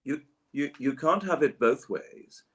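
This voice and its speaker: An English voice actor chats playfully while signing autographs on a livestream, theatrical and explanatory in manner. His voice is fairly high with lively intonation and a slightly slow pace, over slight background noise.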